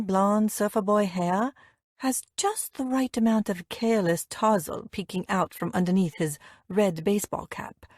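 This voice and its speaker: A woman reading a first-person romance audiobook with lively, wry storytelling. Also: medium pitch, slightly rough, no echo, clean studio sound. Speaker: audiobook narrator.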